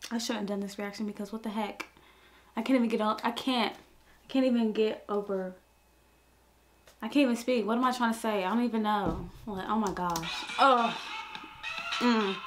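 A woman's voice: medium pitch, moderate pace, pauses often. A young woman hosting a reaction video, flustered and exclamatory, often talking to herself. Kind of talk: casual reaction commentary. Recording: faint music playing behind the voice.

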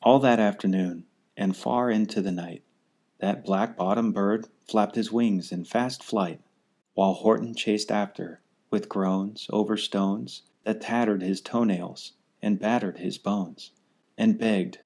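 A man reading a rhyming children's story aloud in an unhurried, steady way. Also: lowish voice. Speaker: storybook reader.

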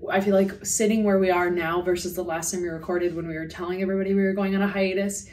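Excitable woman with a slight lisp. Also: fairly low pitch, fast, recorded from a distance, slight background noise. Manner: excitable, swears, heavy use of "like". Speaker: podcast co-host. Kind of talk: casual chat. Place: remote, away from home studio.

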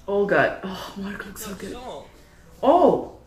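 Excitable young woman in an echoey room. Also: on the low side, measured pace. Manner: excitable and emotional, gushing, swearing freely. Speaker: reaction channel host. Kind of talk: casual reaction commentary. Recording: echoey room, faint music behind.

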